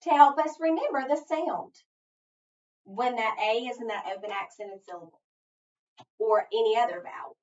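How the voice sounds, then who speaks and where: Lady teacher going slow through phonics, voice kinda high, sounds far off in an echoey room, a bit muffled. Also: darkish tone. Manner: slow, patient, asks and answers her own questions. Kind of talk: phonics lesson demo.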